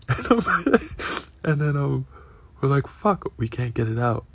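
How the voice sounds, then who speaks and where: A man's voice: medium pitch, fairly even intonation, normal speed, creaky, dry recording. A man telling a casual, profanity-heavy anecdote, often tagging lines with "right?" and laughing between them. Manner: profane, keeps asking "right?".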